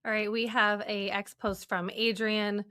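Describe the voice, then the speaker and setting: Female co-host reading audience questions, bright, dry recording. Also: medium pitch, level tone, unhurried, smooth, dry recording.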